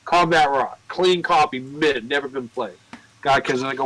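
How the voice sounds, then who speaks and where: A man working in a record store, telling cursing, animated stories in casual chat. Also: medium pitch, moderate pace, a little hiss or hum, poor audio. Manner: profane, animated storyteller.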